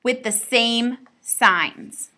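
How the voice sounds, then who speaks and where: A woman's voice: a little high, very slow, pushed and bright. A woman teaching a recorded math lesson, explaining step by step with playful asides to her students.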